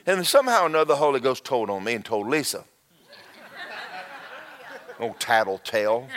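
A man preaching a sermon, folksy and animated, repeating himself and breaking into shouted asides. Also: mid-range voice, moderate pace. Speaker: pastor.

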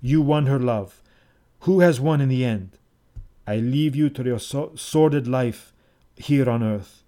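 A man's voice: medium pitch, unhurried, warm tone, lightly acted. A man reading the part of an ecstatic, half-mad Egyptian priest, scornful and then coldly triumphant, in an audiobook. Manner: exultant and scornful, then cold.

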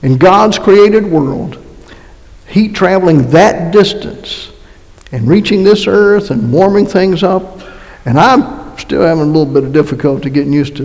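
A man with a Massachusetts accent preaches a conversational sermon, folksy and full of joking asides and restarts. His voice sits fairly high, with a gravelly edge. The sound carries the long reverb of a church hall. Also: darkish tone. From North Carolina. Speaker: pastor. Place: church sanctuary.

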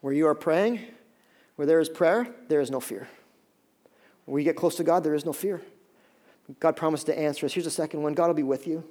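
A pastor preaching to his congregation in a fairly high voice. He pleads with emphasis, then sinks into soft, hushed lines. He is a man in his thirties. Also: fairly quick, long pauses. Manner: emphatic preaching that swings between loud pleas and soft low passages. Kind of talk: sermon.

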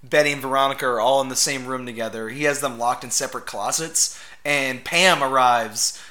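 An easygoing man co-hosting a casual podcast who recaps movie scenes with wry amusement. His voice is bright and forward, and his pitch sits in the middle of the range. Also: a little fast. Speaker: podcast co-host. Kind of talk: casual movie-review chat.

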